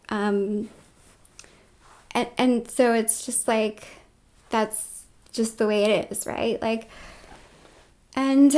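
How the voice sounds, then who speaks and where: A woman's voice: on the high side, a little mellow. A woman vlogging in a casual, rambling monologue, full of filler words and with dips into whispered asides.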